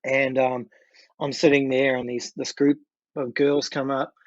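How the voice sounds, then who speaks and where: A man in his fifties with a New Zealand accent, telling a story as a podcast guest in an animated way and acting out what people said. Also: mid-range voice, a little slow, no room sound, dull audio. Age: 50s. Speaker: guest musician. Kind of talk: casual storytelling.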